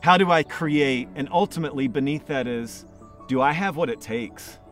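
A man's voice: fairly high pitch, moderate pace, fairly bright tone, soft background music. A man preaching a sermon as pastor, telling stories and building emphasis by repeating phrases.

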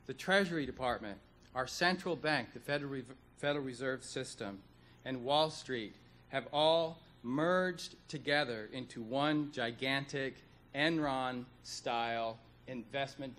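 A man giving an earnest, deliberate speech at a conference, stressing points with repetition. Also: mid-range voice, a bit bright. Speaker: economist speaker. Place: conference hall.

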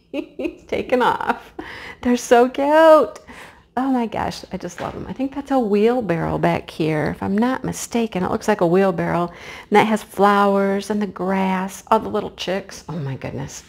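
A woman chatting casually to her viewers as she unboxes a craft kit, gushing with excitement. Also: mid-range voice, moderate pace, creaky. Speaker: craft vlogger.

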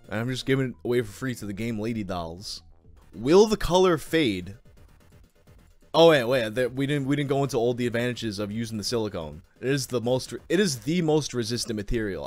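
A male streamer riffing in a loud, crude, mocking style and breaking into laughter. His voice sits at a middle pitch and is picked up on a desk mic at home. Soft music plays in the background. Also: no echo. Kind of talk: casual profane live-stream commentary.

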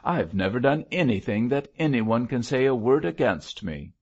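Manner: snappy; a man voicing a sharp-tongued young barmaid. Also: mid-range voice, lively intonation, moderate pace, slightly rough, highs cut off, voice pushed up. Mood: defiant. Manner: snappy, defiant.

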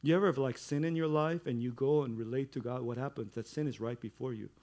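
A middle-aged male pastor giving a sermon in a conversational way, building to loud, emphatic stretches. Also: mid-range voice, steady tone, quick pace.

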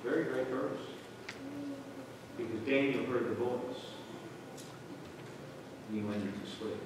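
A man's voice: mid-range voice, measured pace. A man, a pastor, preaching a sermon and asking his congregation questions as he dramatizes the story. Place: church hall. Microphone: camera microphone. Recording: echoey hall from far off, faint noise.

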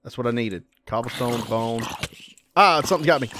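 A man's voice: medium pitch, fairly quick, heavy background noise. A man giving casual, chatty commentary while playing a video game, often yelping when startled. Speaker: let's play gamer.

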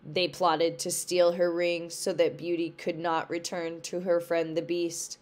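A woman teacher reading a storybook aloud for a lesson, slow and careful. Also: on the low side, little pitch movement, a little mellow. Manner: slow, careful read-along pace.

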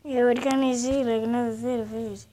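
A woman's voice: on the high side, flat delivery, fast talker, warm tone, a little hiss or hum. A woman playing a horror game and commentating casually, rambling and nervous as she goes. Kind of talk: casual let's-play commentary.

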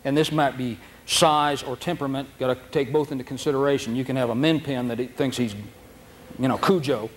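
A man teaching a dog training seminar in a folksy, animated way, acting out dogs' thoughts in silly voices, recorded on a noisy old video tape. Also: mid-range voice, fairly quick. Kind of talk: seminar lecture.

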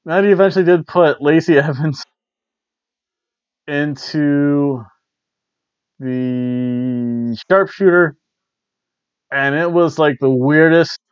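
A man's voice: fairly high pitch, slow pace, long pauses, clear, resonant tone, no room sound, highs cut off. A man hosting a wrestling review show, rambling casually with wry asides on a cheap worn lapel mic. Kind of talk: casual chat.

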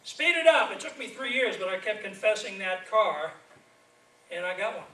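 A man's voice: high-pitched, normal speed. A man preaching as an evangelist, telling stories and laughing through a sermon. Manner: storytelling preacher, lively and laughing. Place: church sanctuary. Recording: echoey church from a distance.

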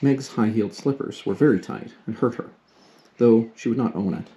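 A father reading a classic novel aloud to his daughter at a steady, unhurried pace. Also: mid-range voice.

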